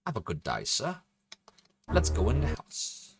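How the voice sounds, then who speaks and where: A man's voice: medium pitch, huge pitch swings, unhurried, vocal fry, background noise. A man casually commentating as he streams a video game, thinking aloud and joking as he plays. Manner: chatty, thinks aloud, jokey.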